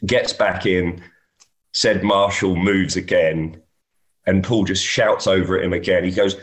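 A man's voice: sits low, fairly even intonation, unhurried. A man, a golf caddy, telling anecdotes in a casual chat and often laughing as he talks.

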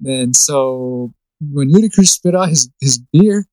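A man's voice: medium pitch, expressive, measured pace, darkish tone, no room sound, poor audio. A young man co-hosting a podcast in casual chat, swearing freely and laughing through the movie lines he quotes. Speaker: podcast co-host.

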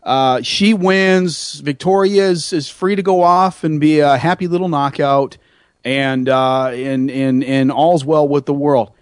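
High-voiced, rambling radio host man. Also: measured pace, dry recording, studio quality. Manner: animated, rambling, self-mocking, many restarts. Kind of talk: casual radio chat.

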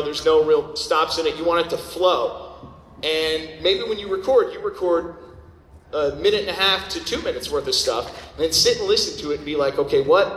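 A fairly high-voiced man talks casually and bluntly at a convention panel. He keeps asking the audience if they follow. His voice rings through an echoey hall with a long tail of reverb. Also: a bit bright, a little hiss or hum. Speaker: voice actor giving audition advice.

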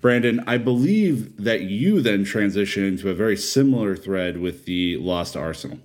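A man co-hosting a casual podcast, reading out listener comments in a relaxed way with fillers. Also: on the low side, normal speed. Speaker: podcast co-host.

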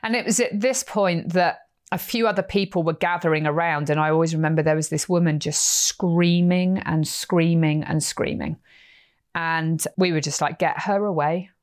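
A woman podcast host telling a personal story in a lively, animated way, acting out quotes as she goes. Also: sits low, normal speed, smooth. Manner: animated, vivid retelling with acted-out quotes.

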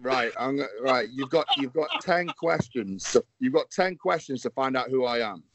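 A man's voice: mid-range voice, animated, normal speed, a crowd in the background. A British man teasing and joking in a casual podcast chat. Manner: teasing, playful. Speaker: guest.

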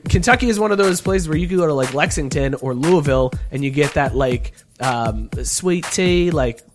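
A middle-aged man co-hosting a sports radio show, bantering in a joking, animated way and laughing often. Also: mid-range voice, fairly quick, faint music behind.

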